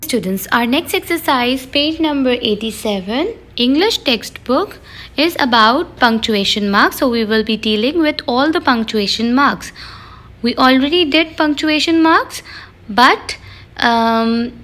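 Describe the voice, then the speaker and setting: A woman teacher with a high voice talks through a grammar lesson. She asks the class questions and gives examples as she explains. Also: expressive, unhurried, fairly bright tone.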